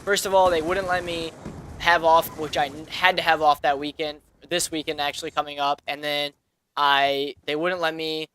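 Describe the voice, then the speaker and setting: A man's voice: a little high, flat delivery, normal speed, pushed and bright, clean tone. A man in his twenties telling a personal story in a casual vlog, rambling with many fillers and restarts. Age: 20s. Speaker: vlogger.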